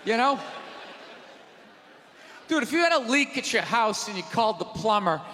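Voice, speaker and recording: A man doing a stand-up set on a theater stage, ranting in a loud, exasperated way into a handheld mic. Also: high-pitched, sing-song, normal speed. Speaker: stand-up comedian. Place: theater stage before a live audience. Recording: live theater recording with audience noise and reverb.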